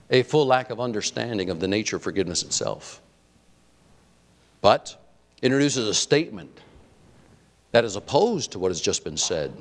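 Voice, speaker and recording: A male pastor delivering a sermon, firing off rhetorical questions and swinging between loud emphasis and quiet, soft lines. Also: medium pitch.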